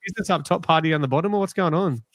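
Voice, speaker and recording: A man's voice: on the high side, very fast, fairly bright tone, no room sound. Aussie guy hosting a podcast, cheeky and teasing, dry sound. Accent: Australian. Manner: teasing, joking with panel. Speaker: podcast host. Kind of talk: casual live-stream chat.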